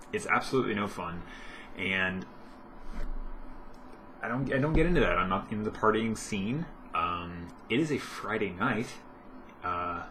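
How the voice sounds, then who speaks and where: A man's voice: low voice, a bit bright, slight background noise. A young man vlogging at home in casual chat, rambling with lots of fillers and self-corrections.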